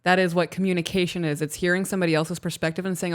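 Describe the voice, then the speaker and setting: Podcast co-host, casual chat, blunt, swears, acts out scenes, smooth clear voice. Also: medium pitch, level tone, racing, few pauses.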